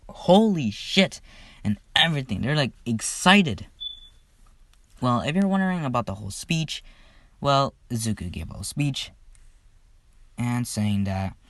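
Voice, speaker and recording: A man's voice: mid-range voice, no room sound. A man casually retelling a fan story, rambling and profane, with loose fillers.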